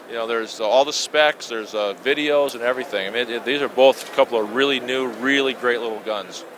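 A man at a trade show booth, pitching a new product enthusiastically in an interview. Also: a little fast, a crowd in the background, rough recording. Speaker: company representative.

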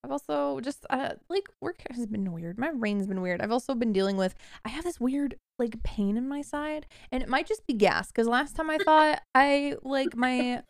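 Chatty woman cohost, kinda high voice, laughs a lot, dry close sound. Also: normal speed, hardly any pauses, no echo. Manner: laughing, self-deprecating storytelling with swearing. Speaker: podcast co-host. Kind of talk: casual chat among friends. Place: lives in a cold snowy area, recording remotely.

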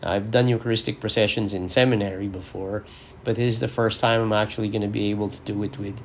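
A man's voice: on the low side, steady tone, fast talker, slight background noise. A man, a parish priest, giving a reflective podcast homily with frequent restarts, his voice strained from illness.

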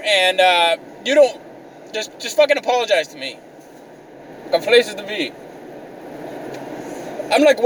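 A man's voice: high voice, a bit bright. A young man ranting exasperatedly in a profane, comedic vlog, swearing constantly. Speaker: vlogger. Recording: mic a bit distant, faint car noise.

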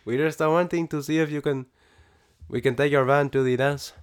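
A man's voice: on the high side, fairly even intonation, fairly quick, clear, resonant tone, pitched above the performer's own voice, close to an everyday voice. Man doing a hesitant, questioning teen boy. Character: quiet, unsure teenage boy, talks like questioning.

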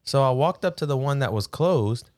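A man spinning a funny story in a relaxed podcast chat. His pitch swings widely as he acts out each person in it. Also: moderate pace. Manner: animated, acts out voices with a Southern drawl. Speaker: podcast co-host.

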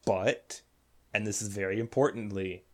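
Sarcastic low-voiced podcast man. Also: fairly even intonation, normal speed. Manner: sarcastic, laughs often. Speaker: podcast co-host. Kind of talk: casual chat.

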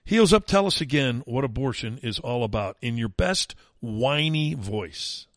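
A man's voice: mid-range voice, animated, a little slow, dry recording. Guy doing a fired-up talk radio rant, sneering and emphatic, really dry booth sound. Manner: combative, mocking, emphatic. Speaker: radio talk show host. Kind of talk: opinionated talk radio monologue.

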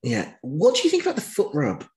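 Animated man chatting. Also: fairly quick, poor audio. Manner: animated, swears casually, jumps in pitch when exasperated. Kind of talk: casual chat recapping reality TV.

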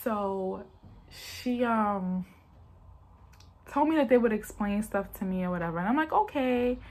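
A woman's voice: mid-range voice, lively intonation, a little slow, darkish tone. Woman vlogger, mid-range voice, rambling casual storyteller who talks directly to camera. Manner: rambling, talks straight to viewers.

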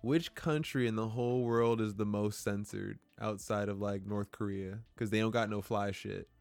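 Young man, lowish voice, slangy laid-back podcast talk, dry close sound, faint music. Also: steady tone, moderate pace, gravelly, darkish tone, dry recording. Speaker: podcast co-host. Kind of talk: casual podcast chat.

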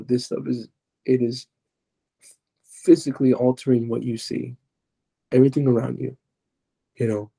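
A man with a very dark, mellow voice and a husky edge speaks as a podcast guest. He retells his personal testimony in an earnest, confessional way, circling back and restarting his sentences as he goes. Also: mid-range voice.

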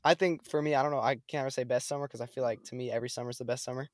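A man's voice: medium pitch, fairly even intonation, racing, dry recording, clean studio sound. Slangy young man telling a story. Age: young adult. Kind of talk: casual chat.

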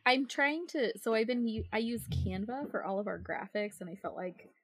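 A woman's voice: on the high side, animated, moderate pace, husky, no room sound. A woman who is a podcast guest, chatting casually with lots of fillers and frequent laughter, poking fun at herself. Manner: self-deprecating, laughs often, talks with many fillers.

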